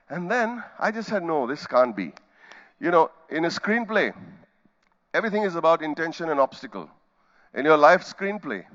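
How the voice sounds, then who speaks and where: Animated Indian man telling a story on stage. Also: a little high, lo-fi sound. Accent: Indian English. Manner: animated storyteller acting out scenes with sound effects and quoted voices. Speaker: keynote speaker. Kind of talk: storytelling keynote speech. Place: conference hall stage.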